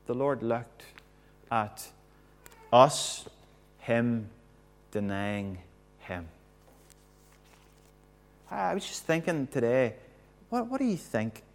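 Earnest man preaching a reflective sermon. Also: lowish voice. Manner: earnest, reflective, drops to a soft hush at key points.

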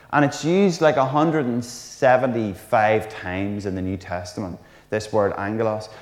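A man preaches with a lively, conversational manner and throws in jokey asides. His mid-pitched voice rings out with a long reverb tail, as if recorded in a big, roomy hall. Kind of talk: sermon.

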